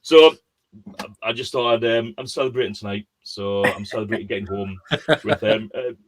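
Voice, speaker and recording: A man with a lowish voice, speaking at normal speed, hosts an online quiz. He chats casually and tells a rambling story full of fillers and restarts.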